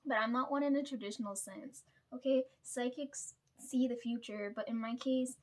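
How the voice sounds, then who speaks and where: A young woman talking quietly to the camera at home at night, rambling and often clearing her throat, checking in with "right?". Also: a little high, steady tone, moderate pace. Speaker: vlogger. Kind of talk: hushed confessional monologue to the camera. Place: at home at night, parents downstairs.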